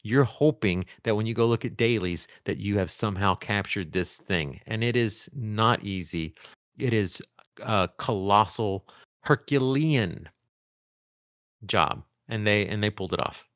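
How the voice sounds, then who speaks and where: Low-voiced rambling podcast man. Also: measured pace, no room sound, clean studio sound. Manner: rambling, restarts often, animated. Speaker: podcast co-host. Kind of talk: casual chat.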